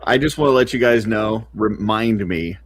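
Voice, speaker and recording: A man's voice: on the low side, normal speed, crowd noise. A man talking in a casual podcast chat, hesitant and laughing.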